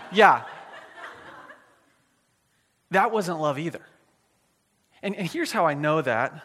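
A male pastor preaches with a notably high voice, telling a personal story with self-deprecating humor. His sentences stall and restart often. The sound rings out with the long reverb of a big hall. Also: fairly bright tone. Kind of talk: storytelling sermon.

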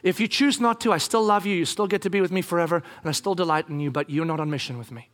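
Preacher doing a calm, low, gentle spirit voice, quiet and kind. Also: male voice. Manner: soft, slow, calm and reassuring. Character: gentle patient divine spirit speaking inwardly.

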